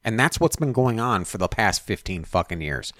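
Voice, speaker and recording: A man's voice: fairly low pitch, sing-song, moderate pace, a bit bright, dry recording, clean studio sound. A man hosting a podcast, reading news stories aloud and commenting, stumbling on words and adding profane asides. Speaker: podcast host.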